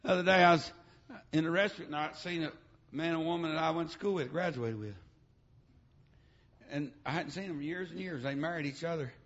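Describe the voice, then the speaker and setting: A middle-aged preacher delivers a revival sermon in church, his voice high and bright as he slips "uh, amen" between his lines in a shouting cadence. The church recording sounds dull and lo-fi. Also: a little fast.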